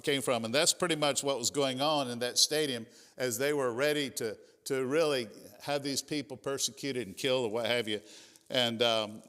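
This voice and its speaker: A male pastor with a drawl preaches in a church, his mid-pitched voice carrying a long reverb off the sanctuary walls. He retells the scripture in plain, folksy words, talking to the congregation as if in conversation. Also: fairly bright tone. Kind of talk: sermon.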